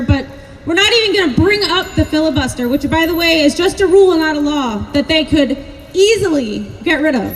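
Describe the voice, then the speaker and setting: A very high-pitched woman speaks fast and emphatically to a protest crowd outdoors, repeating her phrases for force. Her voice carries a long reverb from the open street, picked up by a camera some distance away. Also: animated, a little hiss or hum. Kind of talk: rally speech and chant leading. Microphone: handheld camera at distance.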